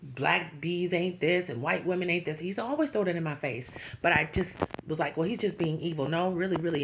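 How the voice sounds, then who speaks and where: A woman speaks directly to her viewers in a slightly low voice. Her talk is earnest and heartfelt, rising into preaching encouragement. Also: slight background noise, low-quality recording. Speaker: YouTube channel host. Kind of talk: emotional direct-to-camera talk.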